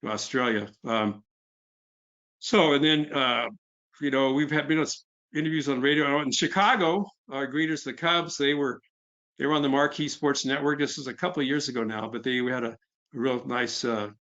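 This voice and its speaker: A middle-aged man talks through a presentation in a relaxed, conversational way, full of "uh"s and restarts. His voice sits in a middle pitch. The sound is a little dull and lo-fi. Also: moderate pace. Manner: conversational, fillers, quotes others. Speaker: nonprofit founder. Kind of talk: webinar presentation.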